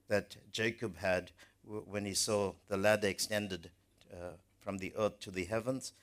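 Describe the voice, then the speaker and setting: A man delivers a sermon in a fairly low voice. He speaks earnestly and with emphasis, restarting phrases and repeating words as he presses each point. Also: a bit bright. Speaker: preacher.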